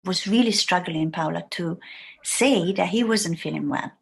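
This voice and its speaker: A woman's voice: fairly low pitch, moderate pace, vocal fry, slightly rough. A woman guest on a podcast who talks in a rambling way and acts out the thoughts she quotes. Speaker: guest, writing mentor. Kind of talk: casual podcast conversation.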